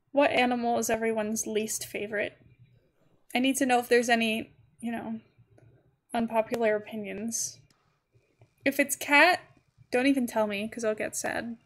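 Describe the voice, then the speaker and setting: A woman streaming a game live, chatting casually and giggling as she talks to her chat. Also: on the high side. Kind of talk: casual gaming livestream chat.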